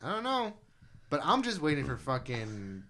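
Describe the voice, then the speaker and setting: Excitable young man on a podcast. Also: moderate pace. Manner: excitable, voice jumps high when thrilled, lots of fillers. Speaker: podcast co-host. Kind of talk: casual chat.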